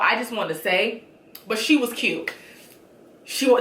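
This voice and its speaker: A woman hosting a casual reality show recap, talking in a sassy, blunt and animated way. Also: on the high side, reverberant.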